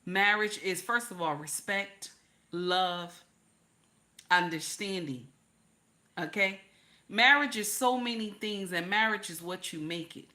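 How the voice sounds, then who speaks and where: An older woman hosting a live stream, giving casual relationship advice to viewers; she is animated, repeats her points and drops to a low confiding voice for emphasis. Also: slow pace, pauses often.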